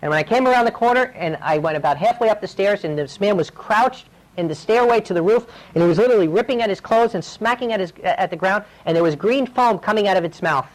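A man's voice: high voice, expressive, quick pace, poor audio. Man, preacher, sermon, earnest, urgent, storytelling. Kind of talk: sermon with personal stories.

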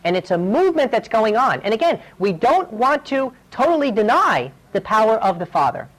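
A man's voice: sits high, big pitch swings, normal speed, fairly bright tone, rough recording. Earnest storytelling male preacher. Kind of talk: sermon with personal stories.

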